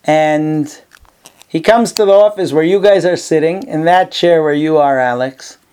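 A man's voice: fairly high pitch, unhurried, a little mellow, smooth. A man, a rabbi teaching a class in an office, telling a story in a conversational way with many fillers. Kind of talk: storytelling lecture.

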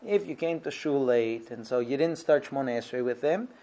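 A middle-aged man teaching a relaxed lesson on Jewish prayer law, talking it through step by step with frequent restarts. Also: medium pitch, moderate pace. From Israel. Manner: conversational, restarts often, explains step by step. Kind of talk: informal Torah lesson.

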